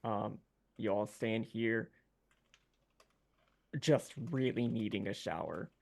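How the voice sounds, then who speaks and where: A man running a tabletop game as game master, narrating in a halting way with lots of ums and uhs. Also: fairly low pitch, creaky, darkish tone.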